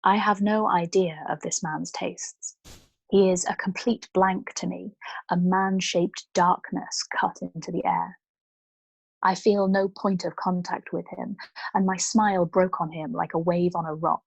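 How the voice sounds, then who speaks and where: A woman reading a novel aloud as a nightly bedtime story, steady and often hushed. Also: fairly low pitch, a little slow, gravelly, breathy edge, dry recording.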